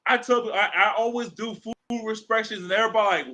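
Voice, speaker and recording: Bright, high-voiced man in casual talk. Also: fast talker, a little hiss or hum, poor audio. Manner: animated storytelling, acts out quoted dialogue, swears freely. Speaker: podcast co-host. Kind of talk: casual podcast chat.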